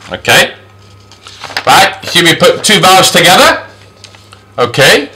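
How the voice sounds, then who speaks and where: A man teaching English phonics, patiently modeling each sound slowly and with exaggeration. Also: on the high side, sing-song, pushed and bright. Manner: slow, exaggerated sound demonstrations; patient, reassuring. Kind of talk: phonics lesson.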